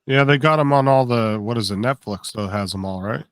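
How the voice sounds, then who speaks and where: A man's voice: mid-range voice, fairly quick, smooth, dry recording. A man talking in a casual chat, rambling and curious, often repeating words as he works out what he wants to say. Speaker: co-host on a live stream.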